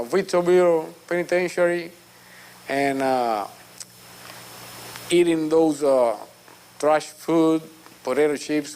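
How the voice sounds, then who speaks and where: A man's voice: a little high, clear, resonant tone. A man recording a casual, affectionate video message to an old friend he knew in prison. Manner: warm, affectionate, switches into doting baby talk. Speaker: former prisoner sending a video greeting.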